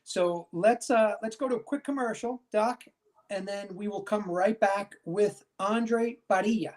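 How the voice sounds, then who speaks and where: A man's voice: high voice, a little slow, a little mellow. Chatty male talk-show host. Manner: chatty, frequent "you know".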